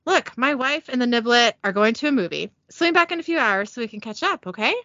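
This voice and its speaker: A woman's voice: a little high, animated, a little fast, pushed and bright, no echo, muffled recording. A woman reading the lines of a cheerful, reformed male angel who is now a family man, in a slightly raised voice. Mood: friendly.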